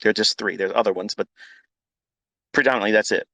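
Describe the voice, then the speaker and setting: A man's voice: on the low side, steady tone, fast talker, vocal fry, dry recording, low-quality recording. Blunt, profane middle-aged man ranting. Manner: blunt, profane, repetitive, swings into loud outbursts. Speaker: trading educator hosting a live audio chat. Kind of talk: unscripted profane rant.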